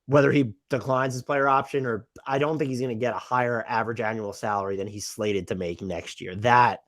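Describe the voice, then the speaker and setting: A man's voice: medium pitch, fairly even intonation, brisk, a bit bright. A man co-hosting a casual basketball podcast, asking questions in a conversational, hedging way. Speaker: podcast co-host. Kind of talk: casual basketball analysis chat.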